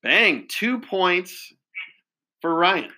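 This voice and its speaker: A man runs a casual quiz between two players. His voice is bright and a touch high. He praises the answers in an upbeat way, with plenty of chatty fillers. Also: animated, extremely slow, low-quality recording. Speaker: quiz host.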